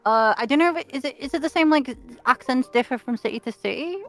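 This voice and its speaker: A woman's voice: high-pitched, fast talker, fairly bright tone. Liverpudlian woman chatting with faint music. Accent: Liverpool English. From England, Liverpool. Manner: hesitant, many fillers and restarts. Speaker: streamer host. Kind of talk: casual chat on a livestream.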